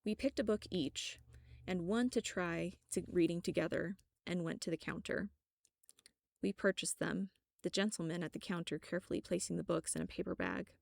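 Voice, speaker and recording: A woman narrating first-person fiction as an audiobook, reading in a measured, even way. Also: lowish voice, creaky, dry recording, clean studio sound.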